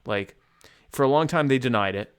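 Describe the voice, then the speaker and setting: A man's voice: medium pitch, normal speed, clear, resonant tone. Man in loose, rambling podcast talk. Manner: jokey, slips into mock speeches and bits. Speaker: podcast co-host. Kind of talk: casual podcast chat.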